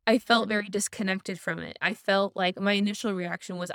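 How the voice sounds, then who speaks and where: A woman with a mid-range voice speaks reflectively about her own experience in a casual podcast chat, sometimes pausing and restarting. Her voice is dry and close-miked. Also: mid-range voice, steady tone, fairly bright tone, no echo. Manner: reflective, personal, hesitant restarts. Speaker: co-host.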